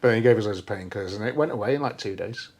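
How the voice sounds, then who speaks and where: Swearing, animated male storyteller. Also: on the low side, racing. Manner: animated storyteller, swears freely, acts out quoted speech. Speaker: podcast co-host. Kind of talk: casual chat.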